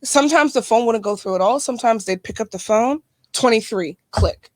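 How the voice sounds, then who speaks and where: A young woman co-hosting a casual podcast. She tells funny stories from her past and acts out the voices, swearing and laughing as she goes. Her voice sits fairly high and sounds dry and close to the mic. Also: fairly quick, no echo. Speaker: podcast co-host. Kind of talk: casual chat, animated storytelling.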